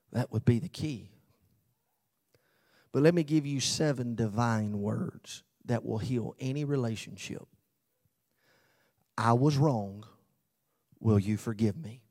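A pastor delivers a sermon, swinging between loud emphasis and hushed near-whispers and slowing down on key phrases. His voice is medium in pitch with some vocal fry.

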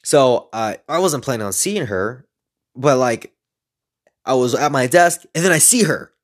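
A man's voice: medium pitch, a little slow. Rambling, profane young man telling stories. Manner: rambling, profane, animated when retelling. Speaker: speaker sharing personal stories. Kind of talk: casual storytelling monologue.

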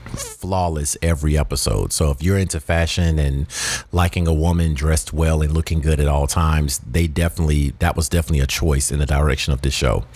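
A man's voice: extremely low pitch, darkish tone. A man from the South, casually rambling through a show review with lots of asides and fillers. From Southern United States. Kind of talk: casual monologue.

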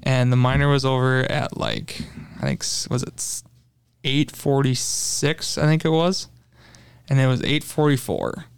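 A young man, a guest angler, excitedly retelling a fishing trip in casual talk, with lots of fillers. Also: medium pitch, measured pace, vocal fry, clear, resonant tone. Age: young adult. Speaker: podcast guest, tournament angler. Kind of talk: casual storytelling.

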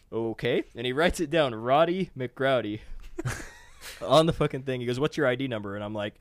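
A man's voice: medium pitch, moderate pace. Profane laughing male podcast storyteller. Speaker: podcast co-host. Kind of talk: casual storytelling chat.

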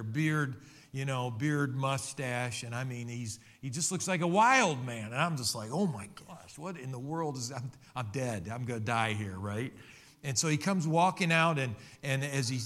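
A man's voice: medium pitch, fairly bright tone. A middle-aged man preaching a sermon, telling a personal testimony in an earnest, conversational way with many restarts. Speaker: pastor.

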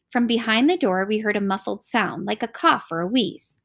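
A woman reading a novel aloud as scripted audiobook narration, expressive and animated. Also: mid-range voice, moderate pace, vocal fry. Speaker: audiobook reader.

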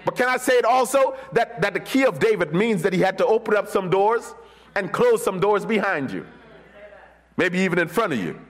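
High-voiced preaching man. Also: very animated, normal speed. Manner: preaching with sweeping pitch swings, from sung high calls to low murmurs. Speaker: pastor. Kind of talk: sermon.

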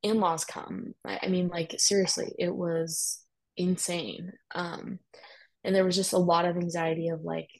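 A woman's voice: fairly low pitch, flat delivery, measured pace, gravelly, darkish tone, low-quality recording. A young woman telling a personal story in a chatty way, full of "like" and emphatic asides. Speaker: guest sharing a personal story.

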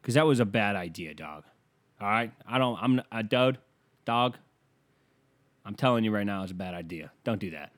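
A man's voice: on the low side, moderate pace, long pauses. Rambling, swearing male comic. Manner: rambling, profane, lively. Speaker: comedian. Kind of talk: profane stand-up rant.

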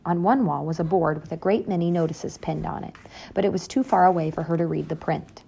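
A woman reads a children's chapter book aloud in a calm, even way. Her voice sits low and has a gravelly edge. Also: brisk. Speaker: narrator. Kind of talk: audiobook narration.

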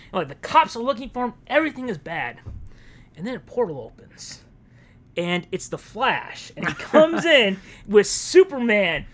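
A man chats on a podcast, retelling a story in a loose, casual way. His pitch swings widely as he jumps into the characters' lines. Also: fairly bright tone. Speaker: podcast co-host.

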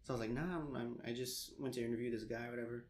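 A young man in casual chat, an animated storyteller who laughs often and swears casually. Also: mid-range voice, very fast, a little hiss or hum. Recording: echoey room.

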